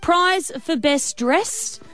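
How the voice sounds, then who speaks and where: A woman's voice: very high-pitched, extremely slow, fairly bright tone, faint music behind. A woman co-hosting breakfast radio, bubbly and giggly. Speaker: radio co-host.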